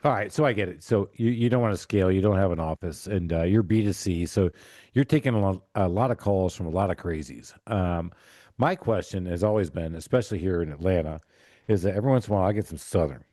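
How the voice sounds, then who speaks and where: Jokey low-voiced male podcast host. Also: fast, dark tone, dry recording, clean studio sound. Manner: jokey, acts out silly caller skits. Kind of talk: casual interview chat.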